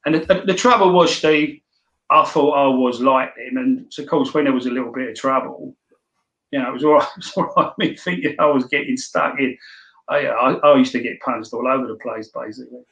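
A man's voice: medium pitch, fairly quick, fairly bright tone, dull audio. Older London-accented man as interview guest, chatty storyteller, echoey room. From London, England. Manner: rambling, anecdotal, many restarts. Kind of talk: casual storytelling.

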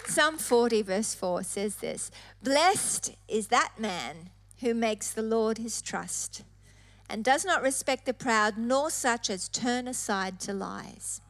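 A woman's voice: on the high side, lively intonation, takes it slowly, a bit bright. A woman preacher delivering an emphatic sermon, stressing points through repetition. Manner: emphatic, repeating phrases for effect.

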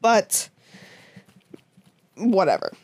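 Speaking very slowly in a husky, mid-range voice, a young woman recaps a TV episode on the podcast she co-hosts. She's animated and casual, swearing often and packing her storytelling with fillers and "this, that, and the fourth."

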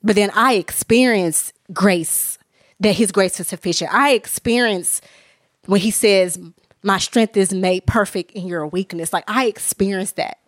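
A woman tells her faith story on a podcast, earnest and open and often close to tears. She talks in loose, conversational bursts full of restarts and "you know." Her voice sits at a middle pitch and sounds dry and close to the mic. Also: normal speed, no echo. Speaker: author and minister, podcast guest. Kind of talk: candid personal testimony in conversation.

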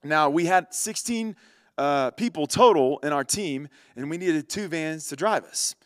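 A man telling a story in a casual, animated way, talking straight to his listeners. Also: a little high, a little slow, dry recording, studio quality. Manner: animated, chatty, addresses listeners directly. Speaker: vlogger.

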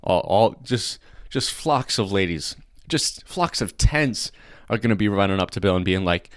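A young man hosting a casual comedy podcast, chatty and excitable, laughing often. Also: lowish voice, normal speed, few pauses, no echo, studio quality. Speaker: podcast host.

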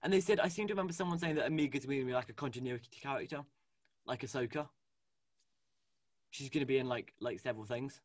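A man co-hosting a casual fan chat, animated and gushing, with lots of fillers and restarts. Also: mid-range voice, quick pace, long pauses, no room sound. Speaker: podcast co-host. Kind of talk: casual fan chat about a cartoon series.

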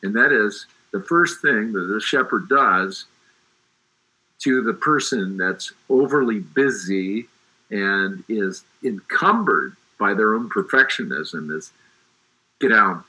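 A man's voice: lowish voice, expressive, slow, pushed and bright, poor audio. A middle-aged man talking about faith in an emphatic, preacherly way, often restarting his sentences. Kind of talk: faith discussion.

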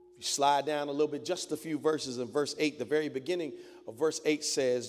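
A man's voice: on the high side, fairly even intonation, brisk. A male pastor delivering a dramatic sermon, emphatic and repeating phrases for effect. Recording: long hall reverb.

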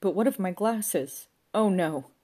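A woman voicing a frantic, theatrical pub landlord who wails and pleads loudly. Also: medium pitch, animated, unhurried, voice pushed up. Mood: outraged. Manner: wailing, melodramatic pleading.

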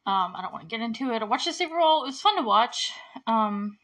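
A woman's voice: fairly high pitch, animated, a bit bright, poor audio. A woman hosting a podcast, recapping a TV episode in casual chat and laughing often as she retells the scenes. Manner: giggly, chatty, retells scenes with quick quotes. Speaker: podcast host.

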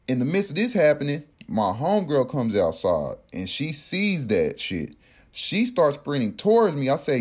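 A man casually telling a personal story in an animated, profane way, acting out what others said. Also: on the high side, moderate pace, slightly rough. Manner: animated, profane, acts out quotes.

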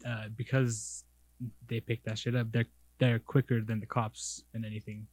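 A man's voice: fairly low pitch, little pitch movement, normal speed, a little mellow, no echo. A man co-hosting a podcast in casual chat, laid-back and agreeable, using loose slang. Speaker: podcast co-host.

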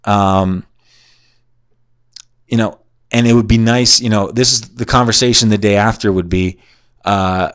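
A man's voice: lowish voice, fairly even intonation, a little slow, long pauses, clear, resonant tone, no echo, clean studio sound. A man in his twenties hosting a podcast from home, telling a crude, profane story in a rambling, digressive, self-mocking way while drunk and concussed. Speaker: podcast host. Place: at home in a shared house.

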